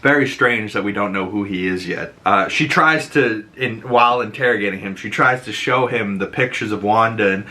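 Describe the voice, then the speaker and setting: Bright-voiced man recapping a show. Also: mid-range voice, normal speed, few pauses. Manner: animated, quotes characters in put-on voices. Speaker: host recapping a TV episode. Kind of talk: casual episode recap.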